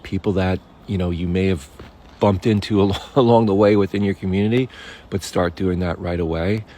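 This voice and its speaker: A man's voice: sits low, steady tone, normal speed, warm tone, a little hiss or hum. A middle-aged man, a career coach, giving direct, encouraging advice to camera.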